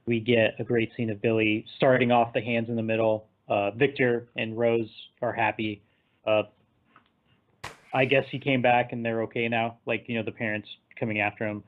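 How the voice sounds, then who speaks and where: A man recapping a film in casual chat, animated and laughing, sometimes acting out the characters. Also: medium pitch, normal speed. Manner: animated, acts out characters in quotes, laughs often. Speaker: podcast co-host. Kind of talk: casual movie discussion. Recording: tinny phone-like line.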